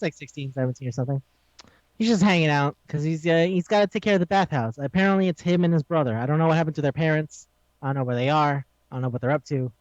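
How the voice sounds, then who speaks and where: Co-hosting a laid-back podcast, a high-pitched man relays an anime with energy, often voicing the characters' lines and laughing a lot. The sound is dry and close with no echo, and the audio is a little dull.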